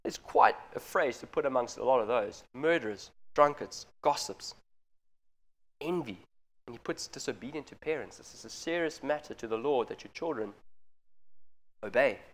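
A man's voice: mid-range voice, expressive, normal speed. A man preaching a sermon in an earnest, direct way, speaking straight to the parents in front of him.

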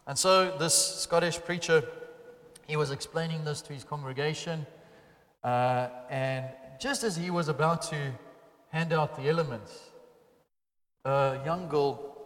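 A man's voice: a little high, slow, pauses often. Preaching man in a reverberant hall. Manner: earnest preaching, swings between loud emphatic and quiet intimate. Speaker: pastor. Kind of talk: sermon.

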